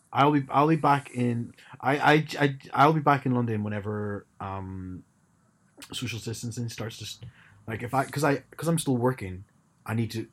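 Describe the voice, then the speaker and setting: A man's voice: on the low side, a bit bright, breathy edge. A man co-hosting a casual chat podcast, talking hesitantly and often repeating words as he starts sentences. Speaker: podcast co-host.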